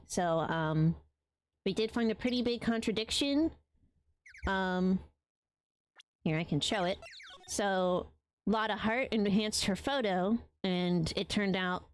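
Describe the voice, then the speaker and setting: A young woman streamer chatting casually while playing a game, rambling with many ums. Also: mid-range voice. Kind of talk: casual let's-play commentary.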